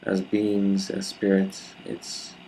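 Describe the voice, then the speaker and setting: Man, low gravelly voice, flat delivery; reflective solo talk. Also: takes it slowly, a little hiss or hum, low-quality recording. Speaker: video speaker.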